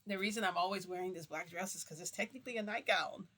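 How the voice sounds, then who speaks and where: A woman's voice: lowish voice, fast talker, fairly bright tone. A woman vlogger telling a story in a casual, chatty monologue with lots of fillers and mild swearing.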